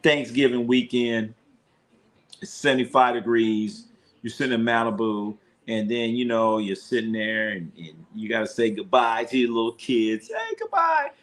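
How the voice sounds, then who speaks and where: A sports streamer with a medium-pitched voice recaps football scores on a live stream in casual fashion, talking at a moderate pace with fairly even intonation. He rambles, swears, and repeats himself as he riffs.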